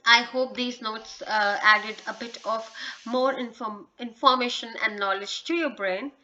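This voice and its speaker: A woman's voice: fairly high pitch, unhurried, bright, forceful tone, highs cut off. A woman hosting a casual video English lesson, speaking encouragingly with frequent hesitations and restarts. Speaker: English teacher and channel host.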